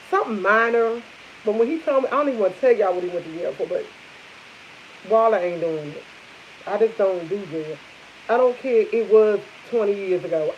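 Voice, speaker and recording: A woman's voice: medium pitch, darkish tone. A woman vlogger chatting casually with live viewers over morning coffee, rambling and repeating herself. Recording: dull lo-fi sound with faint hiss.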